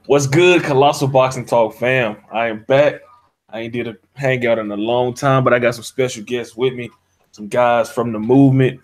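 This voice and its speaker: A man's voice: medium pitch, fairly even intonation, moderate pace. A man hosting a casual online hangout, talking loosely in slang with lots of "uh"s, over an online call mic. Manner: loose slangy talk with many "uh"s. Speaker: podcast host.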